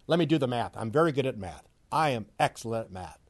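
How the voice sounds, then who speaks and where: A middle-aged man ranting about sports as a commentator, mocking and loud, swinging from low grumbles to shouted outbursts. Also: animated, quick pace. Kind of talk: opinionated sports rant.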